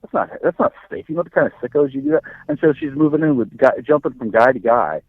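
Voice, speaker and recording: A man talks fast and crude in a private phone call, his pitch jumping around a lot. The sound is thin and phone-like, as from a wiretap, with a dry, close quality. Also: expressive, no echo. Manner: crude, rapid gossiping. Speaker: recorded caller. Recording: tinny wiretapped phone line.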